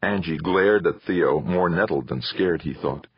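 Brief: deep-voiced male narrator, husky, dull recording with no room sound. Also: a little slow, no echo. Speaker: audiobook narrator. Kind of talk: scripted narration.

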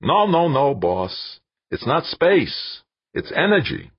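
A man voicing a crafty, eager male PR director who talks in an insistent, excitable way. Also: fairly low pitch, normal speed, slightly rough, no room sound, voice pushed up, full character voice. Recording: dull lo-fi dry recording.

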